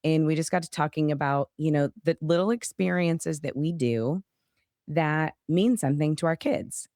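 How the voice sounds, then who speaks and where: Woman podcast co-host, low voice, encouraging, dry close sound. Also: moderate pace, darkish tone, no room sound. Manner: encouraging, affirming listener. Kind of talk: casual chat.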